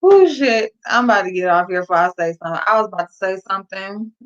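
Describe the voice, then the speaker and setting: A woman's voice: medium pitch, animated, fast. A woman hosting a livestream, chatting casually with viewers, slangy and blunt, swearing and giggling through her words. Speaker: livestream host. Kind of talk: casual chat with live viewers. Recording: dull lo-fi livestream audio.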